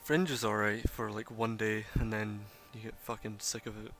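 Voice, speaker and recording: A man's voice: on the low side, little pitch movement, normal speed, vocal fry, a bit bright, soft background music. A man who runs a tabletop game, chatting casually during a break and telling a rambling story with plenty of swearing. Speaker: game master.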